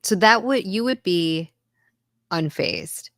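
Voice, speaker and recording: A young woman reacts in an emphatic, dramatic way, easily spooked. Her voice is quite low for a woman. It is recorded close and dry. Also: lively intonation, slow pace, no echo. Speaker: co-host of a reaction channel. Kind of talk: casual reaction chat.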